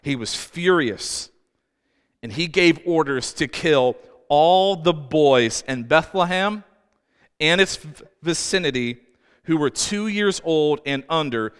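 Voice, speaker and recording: A man's voice: fairly high pitch, expressive, takes it slowly, a bit bright, clean tone. A man preaching a sermon as pastor, telling the story in a conversational way with asides. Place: church. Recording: reverberant church hall with faint music.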